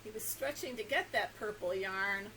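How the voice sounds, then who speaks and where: A woman's voice: medium pitch, normal speed, a little hiss or hum, poor audio. A woman librarian reading a picture book aloud to young children, asking them questions and laughing often. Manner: animated, coaxing questions to young listeners.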